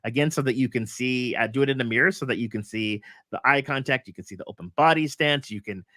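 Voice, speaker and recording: A man's voice: medium pitch, fast talker, bright, forceful tone, no echo, studio quality. Upbeat rambling male host. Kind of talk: casual coaching chat.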